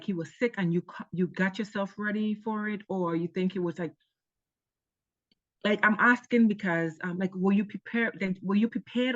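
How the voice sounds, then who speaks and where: Halting woman interviewer on dull, dry audio. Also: mid-range voice, no room sound. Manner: halting, searching for words, many "like"s. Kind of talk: conversational interview questions.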